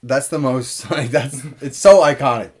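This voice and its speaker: A man's voice: medium pitch, moderate pace. A man co-hosting a casual movie podcast, rambling with lots of fillers and swearing. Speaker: podcast co-host. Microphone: podcast mic.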